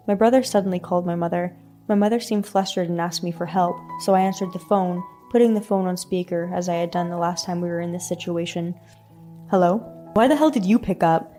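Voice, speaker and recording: A woman reading a first-person story in an even, scripted narration. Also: lowish voice.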